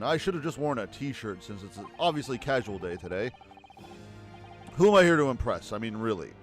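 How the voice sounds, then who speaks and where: A male game streamer chatting casually over play, with wry jokes between story lines. His voice moves through a lively, expressive range at a mid pitch, and faint music plays in the background. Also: fairly quick. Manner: wry, joking asides. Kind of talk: casual gameplay commentary.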